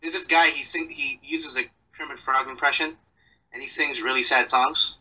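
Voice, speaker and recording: A man's voice: mid-range voice, steady tone, moderate pace, bright, forceful tone, breathy edge, poor audio. A young man chatting as a podcast guest, rambling and joking in a self-deprecating way. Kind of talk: casual chat.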